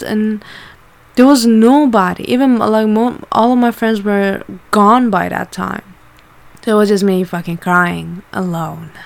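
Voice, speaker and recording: A woman candidly telling a personal story in a casual way, swearing often and using lots of fillers. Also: medium pitch.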